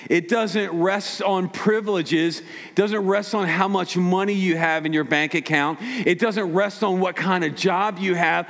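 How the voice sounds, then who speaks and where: Male pastor, high-pitched, lively preaching voice that slips into character voices; recorded in a reverberant hall. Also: creaky. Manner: conversational, animated, acts out voices. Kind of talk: sermon.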